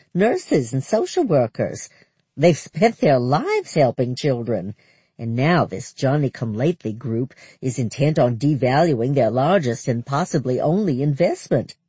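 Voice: medium pitch, warm tone, husky, no room sound. A reader doing a poised, knowing committee lady. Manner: measured, knowing. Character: poised, capable older woman, committee chair. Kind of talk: audiobook character voice.

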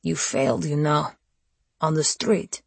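Woman narrator as a taunting male vampire mentor, low and gravelly, dry sound. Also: unhurried, a little mellow, no echo, exaggerated voice. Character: cold, seductive male undead vampire mentor. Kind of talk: audiobook character voice.

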